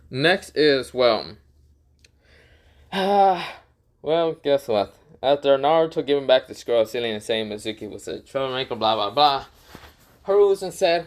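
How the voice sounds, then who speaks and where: A man's voice: medium pitch, lively intonation, moderate pace. A man telling a fan story casually, rambling with fillers, swearing and laughing.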